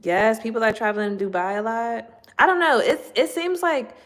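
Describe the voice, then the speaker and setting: A woman's voice: on the high side, animated, normal speed, rough recording. A woman chatting casually with her viewers from her home kitchen, laughing often and acting out quotes as she talks. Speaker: livestream host chatting with viewers. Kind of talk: casual chat.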